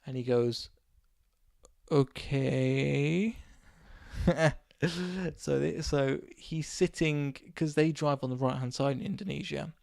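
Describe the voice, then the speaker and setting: A man from England, hosting a casual solo podcast and telling a rambling story while his voice is going hoarse. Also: mid-range voice, moderate pace, few pauses, no echo, studio quality. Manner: rambling, animated anecdote with acted quotes. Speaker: podcast host.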